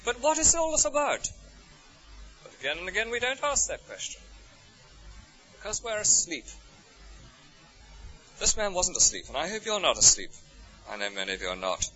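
A man with an English accent preaching a sermon, full of rhetorical questions, his voice soaring high and then dropping to a hush. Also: normal speed, long pauses. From England. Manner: expressive, rhetorical questions, swings from soaring to hushed. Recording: dull lo-fi recording.

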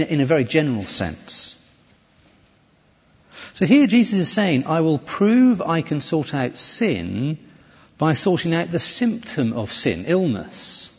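Preacher with a lively, echoey sermon voice. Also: male voice, medium pitch, measured pace, breathy edge. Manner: lively, conversational preaching with self-corrections. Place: church. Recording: dull, echoey church hall recording.

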